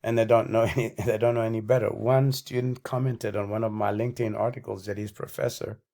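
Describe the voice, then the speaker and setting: Low-voiced man on a breathless rant. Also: flat delivery, fairly quick, creaky, mellow. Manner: combative, self-aggrandizing, contemptuous. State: out of breath and losing his voice. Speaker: channel host. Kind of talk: ranting monologue.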